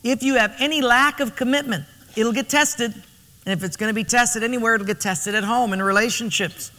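A man preaching a sermon as pastor, telling stories in an emphatic, animated way, in a reverberant church hall. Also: extremely high pitch, a little fast.

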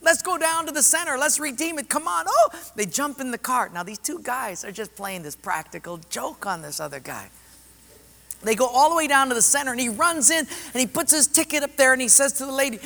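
Animated preacher in an echoing hall. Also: male voice, very high-pitched, brisk, gravelly. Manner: animated, acts out voices in stories. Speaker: pastor. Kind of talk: sermon with storytelling. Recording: long reverb of a hall.

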